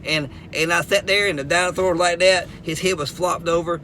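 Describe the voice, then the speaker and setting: A middle-aged man tells a comic story from his own life, his voice high and bright. He jumps around in pitch, repeats words and laughs at his own jokes. A faint hiss sits under the recording. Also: normal speed. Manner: animated, repeats words, Southern US phrasing.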